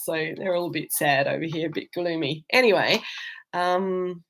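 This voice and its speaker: A woman's voice: fairly low pitch, fairly even intonation, moderate pace. A woman with an Australian accent hosting a live virtual wine tasting, chatting casually with viewers and rambling with many ums and restarts. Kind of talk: casual chat answering viewer comments. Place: indoors, travelling.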